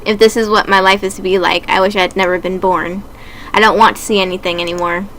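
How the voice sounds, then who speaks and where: A young male student in a game who has given up, speaking flatly and without hope, read by a woman. Her voice stays bright and crisp, with a faint hiss underneath. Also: medium pitch, fast, natural voice, poor audio. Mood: despairing. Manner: flat, hopeless.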